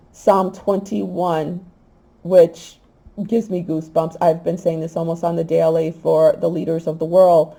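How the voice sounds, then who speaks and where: Woman host, spiritual talk and prayer reading, slow and emotional, low mellow voice. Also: poor audio. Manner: emotional, halting, with restarts.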